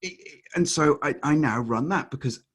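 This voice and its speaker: A man being interviewed as a life coach, speaking earnestly with halting restarts. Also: a little high, slightly rough. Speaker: guest, life coach and author. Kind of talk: casual interview chat.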